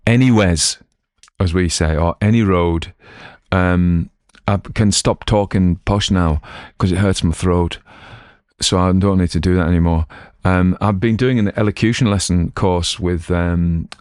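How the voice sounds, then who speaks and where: A middle-aged man with a Cumbrian accent talks in a very deep voice as he chats to his listeners. He wanders off topic and pokes fun at himself in a loose, chatty manner. The sound is dry and close, with no room echo. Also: steady tone, unhurried, darkish tone, clear, resonant tone. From Cumberland, England. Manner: digressive, self-mocking, chatty. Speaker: audiobook reader and channel host. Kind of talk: casual rambling chat.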